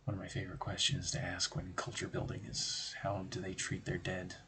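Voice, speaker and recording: A man's voice: low-pitched, monotone, a little fast, background noise. A man hosting a stream, explaining tabletop game design in a rambling, conversational way with joking asides. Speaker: stream host.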